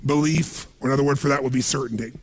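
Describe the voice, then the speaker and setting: A man's voice: mid-range voice, steady tone, racing. A man giving an emphatic motivational seminar talk, calling out questions to a live audience. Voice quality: raspy, gravelly. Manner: emphatic, calls out questions for the crowd to answer. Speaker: motivational speaker.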